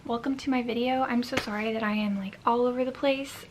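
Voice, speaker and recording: A woman's voice: fairly high pitch, steady tone, a little fast, background noise. A young woman chatting casually in a reading vlog, rambling and scattered, with self-mocking asides, filmed on a camera mic at home. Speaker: book vlogger.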